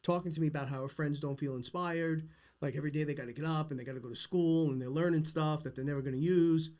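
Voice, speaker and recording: A man's voice: on the high side, fairly even intonation, fast talker, darkish tone. A middle-aged man hosting a casual podcast conversation, talking earnestly and insistently about big ideas. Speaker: podcast host.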